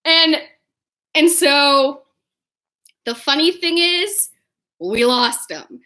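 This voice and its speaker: A young woman with a high, bright voice shares a story in a relaxed, unhurried way. She giggles often and acts out each quote with lively swings in her delivery. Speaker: vlogger. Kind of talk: casual storytelling.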